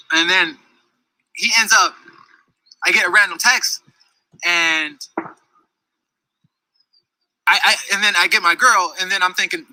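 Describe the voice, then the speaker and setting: A man with a slightly high, bright, forceful voice tells a long personal story about a dispute, and the audio quality is poor. His telling is casual, heated and rambling, full of restarts, asides and "you know what I'm saying."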